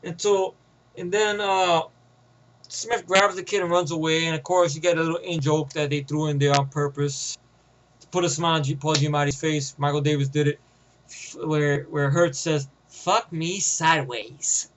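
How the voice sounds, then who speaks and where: A man's voice: a little high, level tone, normal speed, rough recording. A man with a New York accent giving a rambling, profane, casual movie review, often getting sidetracked.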